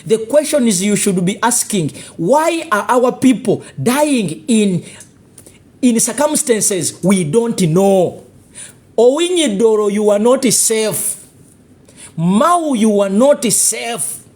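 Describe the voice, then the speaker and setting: Ugandan-accented political commentator, husky and animated, hammering rhetorical questions at listeners. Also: medium pitch, slow pace. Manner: confrontational, full of rhetorical questions and warnings. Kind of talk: live political commentary monologue.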